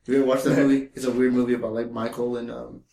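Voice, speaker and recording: A man's voice: mid-range voice, level tone, very fast, gravelly, dark tone, reverberant. A man co-hosting a podcast, telling a story in casual chat, swearing freely and acting out the quotes. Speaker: podcast co-host.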